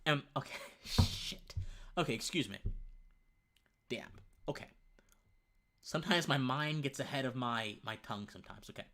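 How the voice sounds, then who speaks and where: A man's voice: medium pitch, moderate pace, long pauses. A young man hosting a casual opinion livestream. He rambles, stumbles over words and often restarts his sentences. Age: young adult. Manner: lively and conversational, says man often. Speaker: livestream host.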